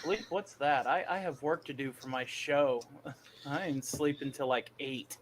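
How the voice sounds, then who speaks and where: A man's voice: mid-range voice, a little slow, slight background noise. A man chatting casually on a live online panel, joking and laughing often. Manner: joking, laughs often, does silly accents. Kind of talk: casual group chat.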